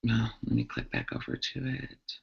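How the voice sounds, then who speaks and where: A woman's voice: a bass voice, flat delivery, normal speed, vocal fry. A woman, a transgender activist, answering questions earnestly in a live online talk, with many ums and restarts. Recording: muffled lo-fi livestream audio.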